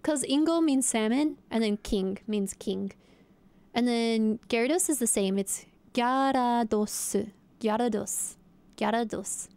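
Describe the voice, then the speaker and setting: A woman's voice: on the high side, measured pace, a little mellow, dry recording. A young woman streamer chatting casually and playfully, guessing aloud and talking to her viewers. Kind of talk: casual live-stream chat.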